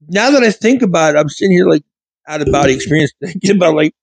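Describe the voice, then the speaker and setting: A man's voice: high voice, quick pace, breathy edge, no room sound, poor audio. Rambling man telling stories, dry close mic. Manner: rambling, frequent self-corrections. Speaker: vlogger. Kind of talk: casual storytelling monologue. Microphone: studio mic with pop filter.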